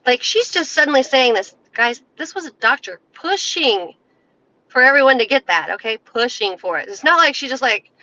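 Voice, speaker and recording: Sharp-voiced woman ranting on a livestream. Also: mid-range voice, muffled recording. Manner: emphatic, heated, scolding. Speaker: livestream host. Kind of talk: casual livestream rant. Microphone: cell phone.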